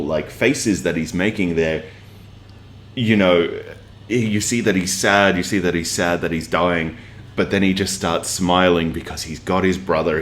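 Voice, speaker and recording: A man's voice: sits low, slight background noise. A man giving a casual, earnest review with lots of filler words and plain emotional investment. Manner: earnest, rambling with many fillers. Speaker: manga reviewer. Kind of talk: casual chat.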